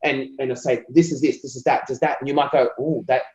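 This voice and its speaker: An Australian man talks eagerly and at length in a casual interview, often slipping into quick voiced asides as he plays out what clients tell him. His voice sits at a middle pitch. It comes through a dull, slightly muffled line with a roomy echo around it. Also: steady tone, a little mellow. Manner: passionate, talkative, acts out client quotes. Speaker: copywriter being interviewed.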